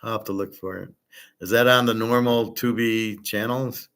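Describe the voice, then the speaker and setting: Blunt low-voiced man rambling casually. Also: steady tone, moderate pace, a bit bright, clean tone. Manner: blunt, opinionated, wandering from topic to topic. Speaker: livestream host answering chat.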